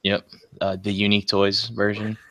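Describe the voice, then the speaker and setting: Male co-host, easygoing, low gravelly voice, keeps the rundown moving. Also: flat delivery, moderate pace, fairly bright tone, dry recording. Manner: laid-back, steers the topics along. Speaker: podcast co-host presenting toy news. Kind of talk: casual group chat.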